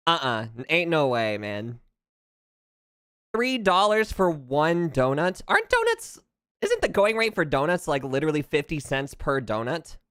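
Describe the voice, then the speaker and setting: A clean mid-range voice, studio-quality and free of echo, belongs to an American VTuber streamer on a close streaming mic. They chat casually during gameplay, ranting jokily with lots of animation and laughter.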